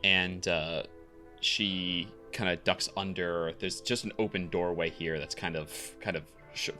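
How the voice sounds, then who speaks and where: A man's voice: deep voice, steady tone, a little slow, bright, forceful tone, soft background music. A man narrating as game master, rambling with many fillers.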